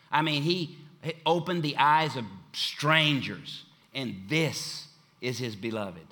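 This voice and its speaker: Bright, emphatic male preacher. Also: medium pitch, slow pace. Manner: emphatic, repetitive preaching cadence. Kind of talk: sermon.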